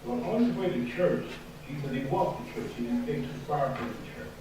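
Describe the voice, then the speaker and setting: Man, storyteller, dramatic parable, slightly high voice, distant mic, noisy echoing hall. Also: lively intonation. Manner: slow, dramatic storytelling with acted quotes. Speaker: eulogy speaker. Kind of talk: storytelling a parable at a memorial service. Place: funeral hall. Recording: distant, very echoey hall with noise.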